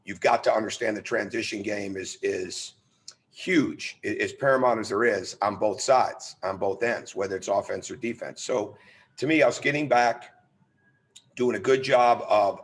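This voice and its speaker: Middle-aged coach on a zoom presser, low voice, earnest and emphatic, repeats words. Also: male voice. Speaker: head basketball coach. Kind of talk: press conference answers. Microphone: video call.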